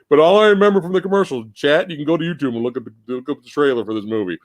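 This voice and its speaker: A man hosting a live movie podcast in casual chat, animated and profane, laughing often. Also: on the high side, very fast, no room sound, studio quality. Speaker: podcast host.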